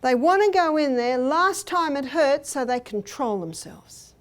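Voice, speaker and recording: A woman's voice: high voice, animated, a little slow. Older woman giving a seminar talk. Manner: storytelling, acts out quoted speech. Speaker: health seminar speaker. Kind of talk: seminar talk with personal anecdotes. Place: hotel meeting room.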